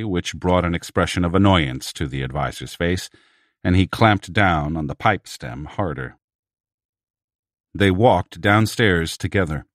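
A male narrator with a very low, deep voice, reading a story in a measured way. The sound is close and dry, with no room echo at all. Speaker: audiobook narrator. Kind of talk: scripted narration.

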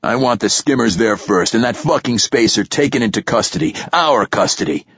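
A man voicing a blustering, profane military commander who grows loud and harsh when crossed. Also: mid-range voice, lively intonation, moderate pace, vocal fry, husky, no echo, muffled recording, pitched above the performer's own voice, exaggerated voice. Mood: angry. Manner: blustering, rising to shouting when angry.

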